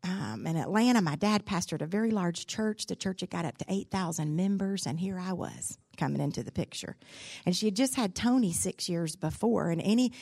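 A woman's voice: fairly low pitch, animated, a little fast, creaky, darkish tone, husky, no room sound, clean studio sound. A middle-aged woman giving a sermon, telling a personal story and asking the room direct questions. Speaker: speaker at a church gathering.

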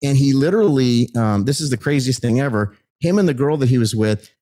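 A middle-aged man telling his life story as a guest in an animated, excited way, acting out the people he met. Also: medium pitch, fairly quick.

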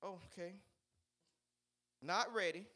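A man preaching a sermon, swinging between shouted, fiery peaks and quiet, conversational asides. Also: sits high, slow pace. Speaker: pastor.

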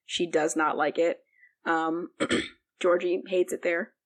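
A woman's voice: on the low side, fairly even intonation, takes it slowly. A young woman co-hosting a podcast, recapping a book in a rambling casual chat full of fillers. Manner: rambling, heavy use of "like", frequent fillers. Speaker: podcast co-host.

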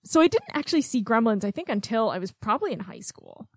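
A woman's voice: a little high, big pitch swings, fast talker, darkish tone, no room sound. Chatty woman podcaster, dry close sound. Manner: chatty, frequent ums and laughs. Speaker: podcast co-host. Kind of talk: casual film podcast chat.

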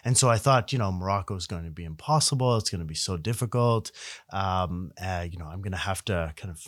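A middle-aged man from Canada, a guest researcher, telling stories in a casual, animated way and often correcting himself mid-sentence. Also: deep voice, a little fast, no room sound, studio quality. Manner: animated, self-correcting, frequent fillers. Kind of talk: casual conversational storytelling.

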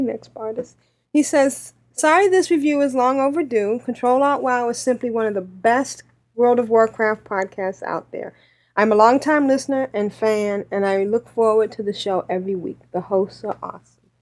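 A woman hosting a gaming podcast in casual chat, upbeat and quick to laugh, reading listener reviews. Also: a little high. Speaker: podcast host. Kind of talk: casual chat, running the show.

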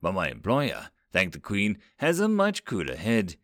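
A polished, secretive male alien envoy, polite and faintly amused, as a man voices him in a story reading. His pitch moves in a lively way. The sound is close and dry. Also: moderate pace, no room sound, full character voice. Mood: composed.

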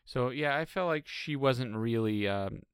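A man's voice: medium pitch, lively intonation, unhurried, clear, resonant tone, no room sound, studio quality. A man co-hosting a podcast, giving blunt opinions in casual chat and swearing freely. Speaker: podcast co-host. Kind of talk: casual chat recapping a reality show.

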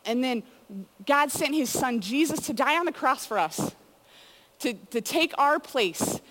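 Speaking in a high, fairly bright voice, a female youth speaker takes her time, expressive and unhurried, through an informal sermon for students. Her storytelling is conversational, full of "like" and "you know." Long reverb from a hall surrounds the recording.

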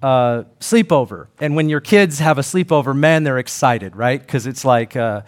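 A man's voice: mid-range voice, normal speed. A middle-aged man preaching a sermon, earnest and conversational, acting out quoted voices. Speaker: pastor.

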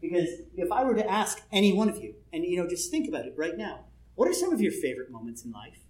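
A man's voice: high-pitched, sing-song, fast, darkish tone. Chatty man talking in an echoey room. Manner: rambling, chuckling, many "you know" asides. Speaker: panel speaker on role-play personas. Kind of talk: conversational workshop talk.

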